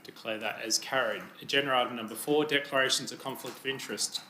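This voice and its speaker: A man chairing a council committee meeting, brisk, procedural and polite. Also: medium pitch, fairly even intonation, pushed and bright, a little hiss or hum. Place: council chamber. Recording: roomy chamber sound.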